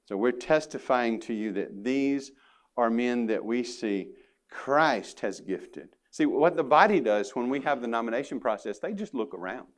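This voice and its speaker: A man's voice: medium pitch, animated, normal speed. Male pastor, earnest emphatic sermon delivery with folksy asides. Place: church sanctuary.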